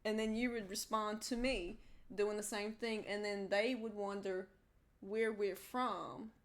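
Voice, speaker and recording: A woman's voice: mid-range voice, steady tone, a little slow. A woman hosting a livestream, chatting casually and playfully while gaming, often breaking into giggles. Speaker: livestream host.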